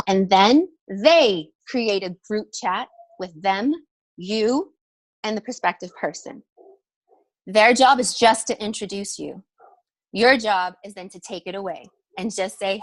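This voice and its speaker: A woman's voice: medium pitch, unhurried, no room sound. Emphatic woman coaching, dry close sound. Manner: emphatic, energetic, direct. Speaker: health coach. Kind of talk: motivational training call.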